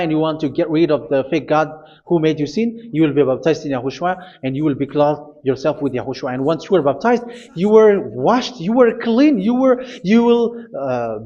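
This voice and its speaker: A man preaching a sermon, insistent and repetitive, often pausing with hesitations. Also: fairly high pitch, expressive, dark tone. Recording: dull lo-fi recording.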